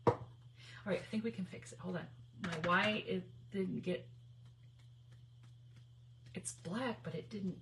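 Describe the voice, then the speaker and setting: A woman hosting a casual crafting livestream on her phone, chatty and giggly, nervously excited as she talks to viewers. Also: medium pitch, slow, pauses often, slight background noise. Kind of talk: casual live crafting chat.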